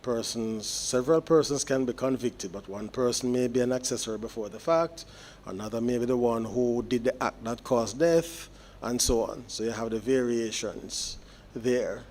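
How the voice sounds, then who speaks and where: A man, a judge delivering sentencing remarks in court in a measured, explanatory way with deliberate pauses. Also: medium pitch, steady tone, a little mellow, slight background noise.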